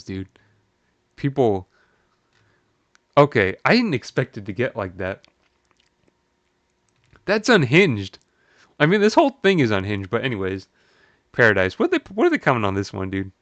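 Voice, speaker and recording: Animated man reacting in disbelief. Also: no echo, muffled recording. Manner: animated, incredulous, swears, laughs often, jumps up in pitch. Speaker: streamer. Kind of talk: live stream commentary, reading posts aloud.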